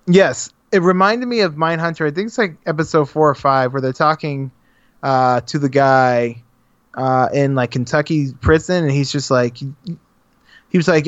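A man's voice: a little high, normal speed, a bit bright, no echo, muffled recording. A man in casual political chat, heated and sarcastic, mocking people with quoted voices.

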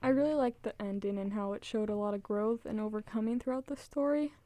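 A woman's voice: mid-range voice, a little fast, warm tone. A woman host who asks short, supportive questions in an interview.

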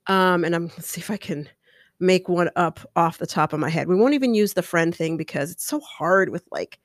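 A middle-aged woman hosting a podcast, giving casual advice in a chatty, animated way and acting out little scenes. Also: on the low side, moderate pace, dry recording, clean studio sound. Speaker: podcast host.

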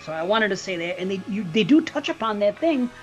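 A podcast co-host reviewing a horror film in casual, animated chat, cursing and laughing often. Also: medium pitch, quick pace, muffled recording, soft background music.

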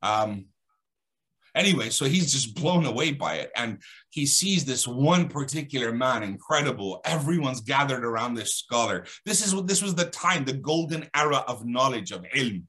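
A man tells a religious story to a listener. His tone is bright and forceful, and he swings his pitch when he acts out the characters' lines. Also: animated, normal speed. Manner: dramatic, acts out dialogue with shifting pitch.

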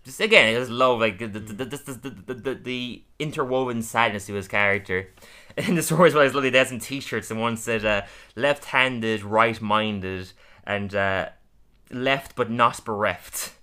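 A man with a bright, clear-toned voice at an ordinary pitch talks through a cartoon episode scene by scene. He laughs often and slips into quick character voices. The tone is casual podcast chat. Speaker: podcast co-host.

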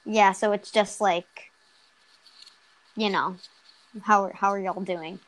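Brief: teen girl host, giggly, rambling, self-correcting, average pitch, chatting on a video call. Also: fairly even intonation, slow, low-quality recording. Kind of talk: casual chat.

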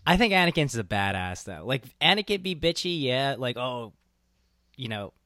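A man in his regular voice, neither high nor low, talking over a movie podcast in loose, excitable banter, cursing freely. The sound is dry and close with no room echo. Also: brisk. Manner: animated fan banter, swears freely, laughs often. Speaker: podcast co-host. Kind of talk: casual chat.

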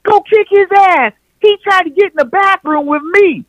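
A man's voice: extremely high pitch, moderate pace, a bit bright, dry recording, voice pushed up, rough recording. A man putting on the voice of an angry young woman screeching from a doorway and repeating herself. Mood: shrieking. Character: shrill furious young woman yelling from a doorway.

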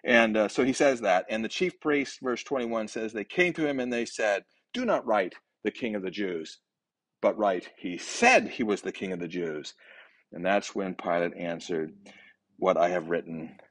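A man talks through a Bible passage as a daily devotion, his voice sitting low. He speaks conversationally, pausing on fillers and restarting sentences. The recording is close and dry, with no room sound. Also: animated, fairly bright tone, no room sound.

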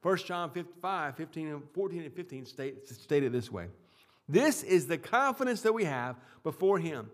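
Male pastor, sermon delivery, voice a touch high, emphatic, repeats himself. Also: big pitch swings. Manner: emphatic preaching with swings in loudness and pauses; repeats words and restarts phrases.

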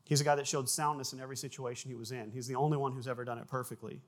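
Animated male pastor preaching. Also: medium pitch, racing. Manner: animated storytelling, repeats words, sound effects in anecdotes. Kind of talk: sermon.

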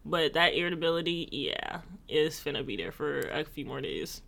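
Teasing woman with a bright voice. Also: low voice, big pitch swings, normal speed, gravelly. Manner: teasing, playful, dramatic asides. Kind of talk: casual chat.

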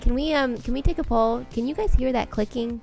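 A woman's voice: a little high, brisk, gravelly, a little mellow, soft background music. A woman joining a casual stream, dry and teasing in banter. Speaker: host's wife, guest on stream.

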